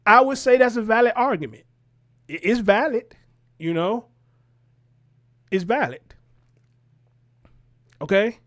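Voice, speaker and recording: Host, man, high voice, heated and profane, rhetorical. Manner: animated, profane, fires rhetorical questions. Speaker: commentary show host. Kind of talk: reacting to a news clip.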